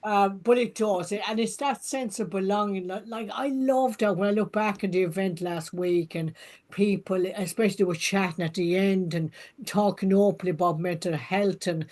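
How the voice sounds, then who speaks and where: A woman's voice: mid-range voice, fairly even intonation, normal speed. A woman hosting an interview, speaking earnestly with many affirmations; she says she trained as a counsellor. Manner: warm, earnest, frequent affirmations and restarts. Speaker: podcast host and counsellor. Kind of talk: casual interview chat.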